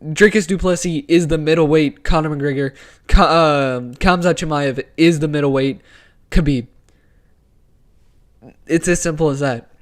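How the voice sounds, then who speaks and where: An opinionated man chatting casually on a live sports stream, his voice sitting a bit above the usual range. He jumps between hot takes with slangy enthusiasm, close to a wired desk microphone. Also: fairly high pitch. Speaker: host of a sports talk stream. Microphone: desk microphone with wire.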